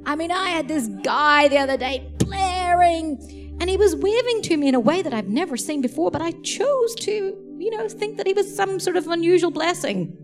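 Animated woman preacher telling stories. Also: very high voice, normal speed, faint music behind. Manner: animated, laughing storyteller. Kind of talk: sermon storytelling.

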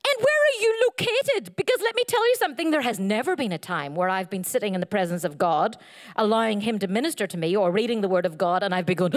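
A middle-aged woman preaching a sermon, animated and playful, telling humorous stories and slipping into silly voices. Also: fast talker. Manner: animated, playful, jumps into high silly voices for quoted lines.

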